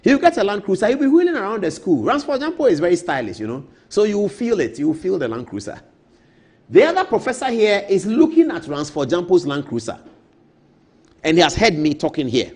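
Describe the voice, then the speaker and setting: A man with a Ghanaian English accent holding forth as a TV political commentator, talking fast and emphatically. His high voice swings widely in pitch and has a husky edge. He circles back to repeat his key points and drifts into storytelling asides. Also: sing-song, darkish tone. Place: TV studio.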